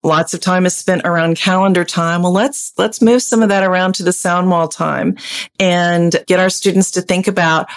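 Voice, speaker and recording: A woman with an Oklahoma accent explains early reading as a panel expert, slightly low in pitch and animated. She now and then slips into children's voices to make a point. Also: normal speed. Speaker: literacy educator.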